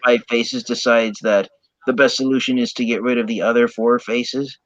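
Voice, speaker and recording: A man chatting casually in a calm, steady way, explaining details. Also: medium pitch, normal speed, no room sound. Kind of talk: casual chat. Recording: dry, dull lo-fi sound.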